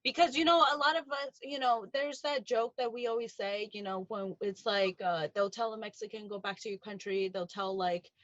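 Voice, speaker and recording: An American woman co-hosting a podcast in excitable casual chat. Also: fairly high pitch, normal speed, few pauses, dry recording, lo-fi sound. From United States. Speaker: podcast co-host.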